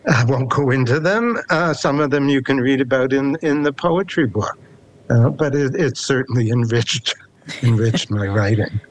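An older man with a Canadian accent, in his seventies, talks in an unhurried, reflective way with a dry, wry edge. He speaks as a poet being interviewed and reads his own verse aloud. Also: medium pitch, slight background noise. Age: 70s. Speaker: poet guest. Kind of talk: casual interview and poetry reading.

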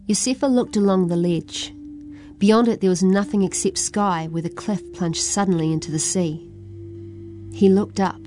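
Brief: New female storyteller, steady expressive narration, mellow tone. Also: mid-range voice, normal speed, faint music behind. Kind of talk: children's story reading.

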